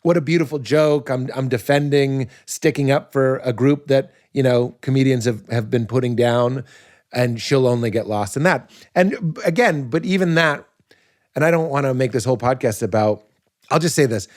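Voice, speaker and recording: A man, a comedian and podcast guest, talking casually in an animated, riffing way and laughing at his own points. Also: mid-range voice, normal speed.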